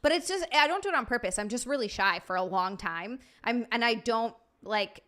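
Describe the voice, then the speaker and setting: A woman's voice: fairly high pitch, lively intonation, a little fast, bright, forceful tone. A young woman hosting a live-streamed podcast, chatting casually with lots of fillers and giggles. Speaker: podcast host.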